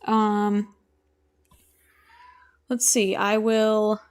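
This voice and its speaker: A woman's voice: mid-range voice, completely flat delivery, extremely slow, clear, resonant tone. A young woman streaming from home, chatting casually and rambling as she answers her chat while she draws. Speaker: streamer and animator.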